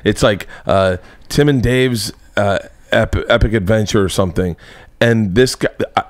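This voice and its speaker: A man hosting a podcast in a casual chat, rambling and excitable, often restarting his sentences. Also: on the low side, normal speed, no room sound. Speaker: podcast host. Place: home studio room.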